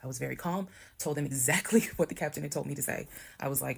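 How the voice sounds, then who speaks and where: A woman from Georgia, telling a personal story to camera in a lively way and acting out the voices of the people in it. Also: deep voice, fast, gravelly, husky. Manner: animated, acts out quoted voices. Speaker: storyteller in a TikTok clip. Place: played clip heard on a stream.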